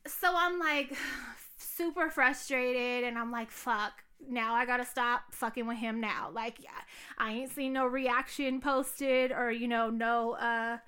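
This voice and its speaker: A woman's voice: fairly high pitch, steady tone, slow, sharp tone, clear, resonant tone. A young woman telling stories in casual, profane podcast chat, full of fillers. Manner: candid, profane, storytelling with many fillers. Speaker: podcast co-host.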